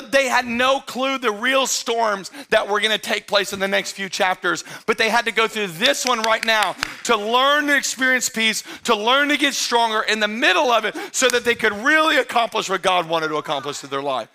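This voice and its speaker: A man preaching a sermon as pastor, talking straight to his church in a conversational way and often rising to emphatic, shouted excitement. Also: extremely high pitch, normal speed, gravelly, hardly any pauses. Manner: conversational, addresses the congregation directly.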